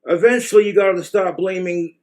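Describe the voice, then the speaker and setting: A man's voice: high voice, brisk, a little mellow. Blunt, crude American man rambling. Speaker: vlogger giving advice. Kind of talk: casual monologue to camera.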